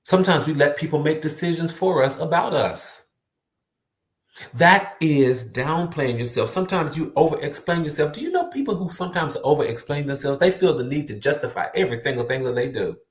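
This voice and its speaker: A man's voice: fairly high pitch, animated, brisk. A man giving an earnest, emphatic motivational talk to the viewer, repeating words for stress. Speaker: motivational speaker. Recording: roomy echo.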